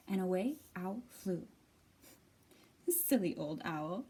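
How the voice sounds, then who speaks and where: A woman librarian reading a picture book aloud to children, sing-song and expressive. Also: lowish voice, takes it slowly, pauses often, slightly rough.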